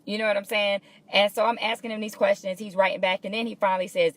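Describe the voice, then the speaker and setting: A woman's voice: mid-range voice, level tone, fast talker. A woman hosting a live morning motivational show from her workplace, talking casually and encouragingly to viewers and greeting them by name.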